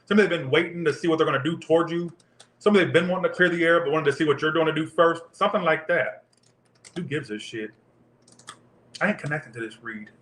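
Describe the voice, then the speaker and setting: A man's voice: fairly high pitch, a bit bright, roomy sound. A man giving a casual tarot reading, rambling off into profane tangents. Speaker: tarot reader.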